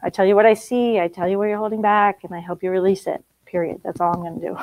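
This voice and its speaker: A woman's voice: medium pitch, fairly even intonation, quick pace, dull audio. A middle-aged woman teaching a spiritual group, blunt and emphatic, laughing often.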